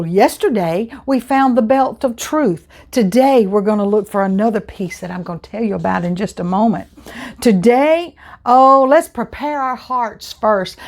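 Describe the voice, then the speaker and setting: A woman teaching a children's Bible lesson, telling the story in an animated, exclamatory way. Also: fairly high pitch.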